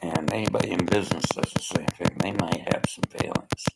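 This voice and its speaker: A man's voice: deep voice, fairly even intonation, fairly quick, creaky. An older man vlogging in a rambling motivational monologue, often dropping into whispery asides. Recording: loud background noise.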